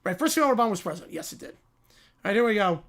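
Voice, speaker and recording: A man's voice: sits high, very animated, racing, fairly bright tone. A man hosting a live sports reaction stream, casually reading and answering viewer messages. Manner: offhand, reads viewer messages and answers them. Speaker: livestream host.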